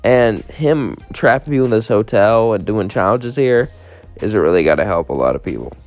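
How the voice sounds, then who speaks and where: A man's voice: fairly low pitch, lively intonation, normal speed, darkish tone, soft background music. A man reading a doubtful, weary young woman.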